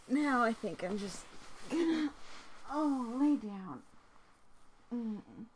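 A young woman making an intimate self-recorded adult audio, breathy and drawn-out, often dropping to a whisper. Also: fairly high pitch, very animated, slight background noise. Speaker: amateur adult audio creator.

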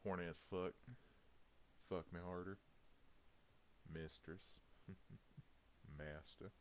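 A man's voice: sits low, steady tone, slow pace, slight background noise. A man doing a casual audio reading challenge, rambling and chuckling between words. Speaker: audio content creator.

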